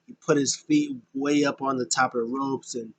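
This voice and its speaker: A man's voice: mid-range voice, steady tone, moderate pace, a bit bright. A man hosting a podcast, casually recapping in a loose, rambling way with many fillers. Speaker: podcast host.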